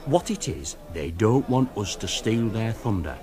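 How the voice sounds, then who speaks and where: A man voicing a gruff older male relative with a Northern English accent, grumbling and rambling. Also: fairly low pitch, big pitch swings, a little slow, a crowd in the background. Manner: complaining, rambling storyteller.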